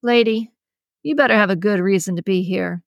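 A woman voicing a gruff, suspicious young man with a subtle New York accent, speaking in curt, accusing replies. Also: mid-range voice, a little fast, no room sound, natural voice. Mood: angry.

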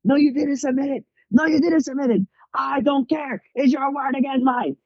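A man's voice: high voice, expressive, normal speed, voice pushed up. A man putting on the voice of a furious, strict male professor with a Russian accent, speaking in clipped, broken phrases. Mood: yelling. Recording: dull lo-fi sound.

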